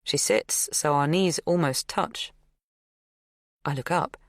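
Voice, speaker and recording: A woman narrating an audiobook in a measured, even reading. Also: low voice, dry recording, clean studio sound. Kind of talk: scripted first-person narration.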